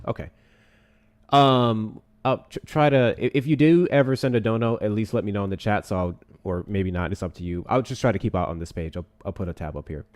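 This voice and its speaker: Young man, live-stream host, slightly low voice, sarcastic, profane, casual reading and reacting. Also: a little mellow. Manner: profane, sarcastic, reads text aloud and reacts.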